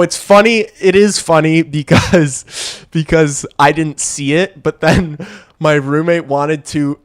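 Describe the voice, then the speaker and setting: A man's voice: mid-range voice, no room sound, studio quality. Young man chatting on a hockey stream. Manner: rambling, swearing, laughing storyteller. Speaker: livestream host. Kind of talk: casual hockey watch-along chat.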